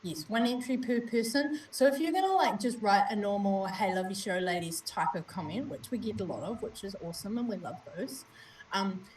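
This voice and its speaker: A woman's voice: medium pitch, brisk, distant mic, heavy background noise. Chatty New Zealand woman on a livestream. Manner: chatty, greets viewers by name. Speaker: livestream co-host. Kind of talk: casual live-stream chat. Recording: roomy, from off-mic, faint ambience.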